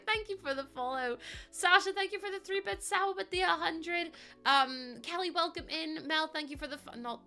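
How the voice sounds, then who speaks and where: A British woman chats away on her livestream, laughing often and swearing freely. Her voice is bright and a touch high, and soft music plays faintly behind her. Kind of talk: casual stream chat.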